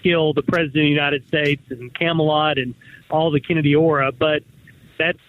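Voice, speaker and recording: A man's voice: on the high side, steady tone, brisk. A man who is a lawyer, calling in to a talk show, earnest and hesitant with repeated words. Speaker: caller, lawyer. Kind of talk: casual phone call. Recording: tinny phone line.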